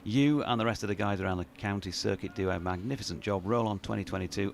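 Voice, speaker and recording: A man's voice: on the low side, fast talker, creaky, hardly any pauses, slight background noise. A man commentating live on cricket, chatty, reading listener emails aloud and laughing easily.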